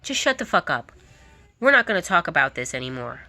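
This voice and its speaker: A woman's voice: low voice, big pitch swings, fairly quick, pushed and bright, no echo, faint music behind, full character voice. A woman mimicking a harsh, dismissive narcissistic parent who talks in curt, scornful commands.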